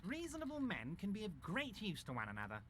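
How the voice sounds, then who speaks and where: An actor voicing a smug, portly male union boss in a video game, with a nasal voice and a smooth, unctuous politeness. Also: high voice, huge pitch swings, quick pace, a bit bright, a little hiss or hum, heavily acted.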